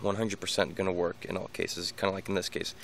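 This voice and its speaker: Deep, gravelly male vlogger; loose rambling delivery full of restarts; faint background hiss. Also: little pitch movement, fast. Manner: rambling, many restarts and repeated words. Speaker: dog owner giving training tips. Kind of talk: casual unscripted vlog monologue.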